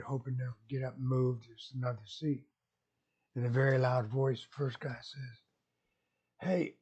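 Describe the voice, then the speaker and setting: A man's voice: mid-range voice, warm tone, husky, highs cut off. A man vlogging casually, rambling folksily and chuckling at his own jokes. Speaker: YouTube vlogger.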